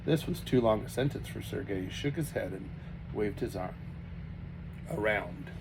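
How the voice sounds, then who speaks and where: A man reading a children's novel aloud with a steady, unhurried storytelling manner. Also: on the low side, creaky, background noise. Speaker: reader.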